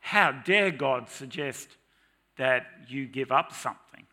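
A middle-aged man preaches a lively, dramatic sermon in church, sometimes mock-shouting to drive his points home. His voice is medium-pitched and slow.

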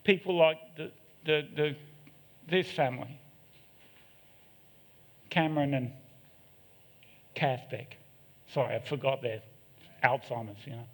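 Here a middle-aged preacher speaks in a mid-range voice, steady in tone, slow, and marked by long pauses. He's candid and pokes fun at himself with joking asides, his words echoing at length through the church hall.

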